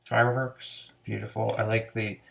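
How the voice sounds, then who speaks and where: A man with a lowish voice talks through an album in a loose, unscripted review. He rambles with plenty of fillers and false starts. His enthusiasm for the music comes through. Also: level tone, moderate pace, vocal fry. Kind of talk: casual spoken album review.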